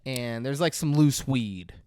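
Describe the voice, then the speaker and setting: A man's voice: medium pitch, unhurried, mellow, clear, resonant tone, no echo, clean studio sound. A man co-hosting a podcast, retelling a movie's scenes in a casual, profane way and acting out the characters' lines. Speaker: podcast co-host. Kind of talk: casual movie review chat.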